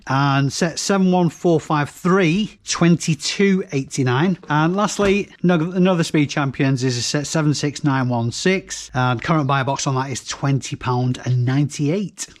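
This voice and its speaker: A chatty man with a Northern English accent talks through his finds in a casual, matter-of-fact way. His voice sits a touch higher than most men's. He reels off set numbers and prices one after another. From North West England. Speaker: reseller vlogger. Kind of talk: casual product rundown to camera.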